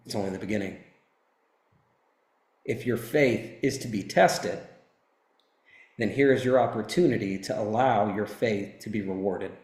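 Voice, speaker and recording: A man's voice: fairly low pitch, measured pace, long pauses, a little mellow, echoey room. A man in his thirties giving an intense, emphatic motivational talk, telling a personal story and swearing freely. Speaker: motivational speaker.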